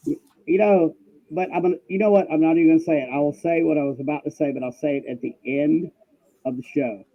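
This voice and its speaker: An upbeat man hosts a live podcast, chatting and setting up his guest's story. His voice sits slightly high for a man. The audio is dry and a little dull, as on a live stream. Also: fast talker, dry recording. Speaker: podcast host.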